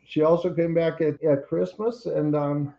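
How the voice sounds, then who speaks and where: A man's voice: on the high side, steady tone, moderate pace, vocal fry, highs cut off. An older man wryly telling his daughter a personal story over a computer call. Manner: wry, plainspoken storytelling.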